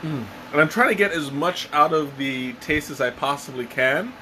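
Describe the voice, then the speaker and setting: A man casually reviewing a tea on a live stream, halting with many fillers and restarts. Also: a little high, bright, forceful tone, slight background noise, rough recording. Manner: hesitant, many fillers and restarts, chuckles often.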